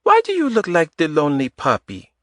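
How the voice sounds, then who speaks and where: A man voicing a lively, teasing woman in her early thirties with a light Eastern European accent and slightly broken English, in an audiobook. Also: fairly high pitch, fairly quick, no echo, pitched above the performer's own voice. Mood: exasperated. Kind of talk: audiobook character voice.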